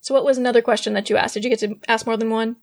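A woman's voice: a little high, fairly even intonation, very fast. A woman from England, chatting on a podcast and asking upbeat questions. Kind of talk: casual chat.

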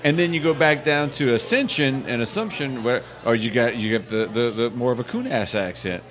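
A man's voice: mid-range voice, fairly quick, a crowd in the background. A man in his fifties on a podcast, telling stories in a wry, salty, casual way. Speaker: podcast host. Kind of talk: casual chat.

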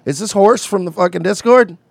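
A man's voice: high voice, brisk, creaky, darkish tone, no room sound, studio quality. A man co-hosting a podcast, blunt and profane in casual chat. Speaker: podcast co-host.

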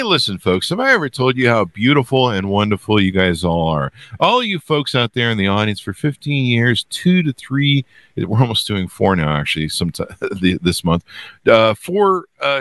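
A man hosting his own podcast, chatting in a playful, self-mocking monologue with mock flattery for his listeners. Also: mid-range voice, normal speed, no echo. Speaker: podcast host. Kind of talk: casual joking monologue.

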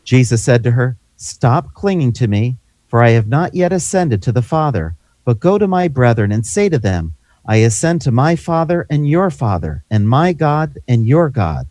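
Male scripture reader with a mellow, lively voice. Expressive delivery, lifts his pitch for quoted lines. Dry recording. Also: normal speed, no room sound. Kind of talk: reading scripture aloud.

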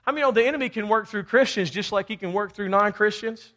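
A man's voice: high voice, fast talker, pushed and bright. A man from Kentucky preaching a fervent sermon, often calling out for amens. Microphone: handheld or head mic.

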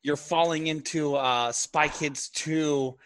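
A man's voice: fairly high pitch, fairly even intonation, slow, a bit bright, slight background noise. A man playing a tabletop game, talking in a dry, teasing way. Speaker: player. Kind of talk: casual tabletop play.

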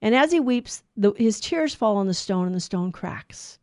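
A woman telling a moral story in a casual, animated way, acting out the characters' lines. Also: mid-range voice, normal speed, no room sound. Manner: animated, acts out the lines, many restarts.

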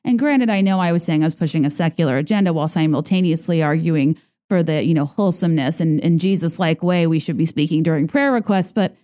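A woman's voice: fast talker, warm tone. Chatty, sarcastic podcast host woman. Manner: chatty and sarcastic, heavy on "like", mimics others in high voices. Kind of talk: casual podcast monologue.

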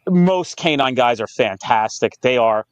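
A man's voice: mid-range voice, unhurried, smooth, dry recording. A man guest on a podcast interview, telling cop stories with lots of swearing and quoted back-and-forth. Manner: profane, animated storytelling with quoted dialogue. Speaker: police training company founder, guest.

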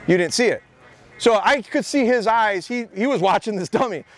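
A man who is a dog trainer giving an energetic, repetitive talk at a live training seminar outdoors. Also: sits high, normal speed. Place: outdoor expo training area.

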